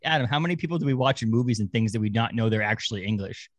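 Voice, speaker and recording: A man chats as a podcast co-host in a dry, close-miked sound. He rambles in an animated way and often restarts his thoughts. His voice sits at a middle pitch. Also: racing, no room sound. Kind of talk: casual chat.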